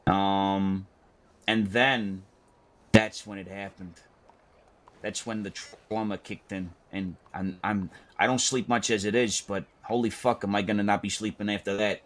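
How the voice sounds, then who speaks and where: This man, also voicing a character in an online roleplay game, spins a wild, profanity-laced tale and animatedly acts out the quotes. His voice is lowish and his pace measured.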